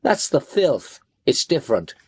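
A man's voice: mid-range voice, big pitch swings, a little slow, darkish tone, no echo, studio quality, full character voice. Man voicing snarling gangster Raza. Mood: menacing. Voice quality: gruff, snarling, menacing. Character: hard British gangster Raza, menacing adult man.

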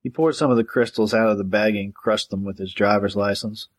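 A man narrating a gritty crime novel in a steady, matter-of-fact audiobook reading. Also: on the low side, a little fast.

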